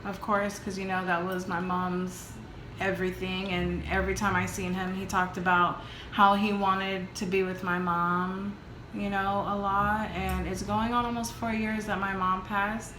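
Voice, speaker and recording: Woman, bright tense voice, casual mukbang chat, halting and emotional, roomy echo. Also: medium pitch, level tone, a little hiss or hum. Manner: open, emotional, talks in halting restarts. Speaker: vlog co-host. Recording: echoey room.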